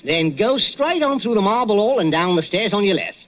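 A gabby Cockney museum attendant in an old radio play, cheeky and chuckling. His voice is high and sing-song. The recording is muffled and lo-fi. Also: animated, a little fast. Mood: chatty. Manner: chatty, cheeky, chuckling, calls people "Governor". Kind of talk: 1940s radio acting.

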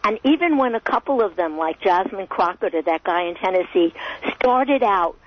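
Emphatic, scornful woman pundit, mid-pitched; muffled radio. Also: lively intonation, normal speed. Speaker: talk show guest. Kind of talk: political commentary.

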